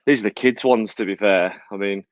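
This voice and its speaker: A man's voice: lowish voice, steady tone, fairly quick, no room sound. A man with a Birmingham accent co-hosting a live podcast, chatty and teasing, talking between bites of food. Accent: Birmingham English. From Birmingham, England. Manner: chatty, teasing, talks while eating. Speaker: podcast co-host. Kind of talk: casual live podcast chat. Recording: dull lo-fi dry sound.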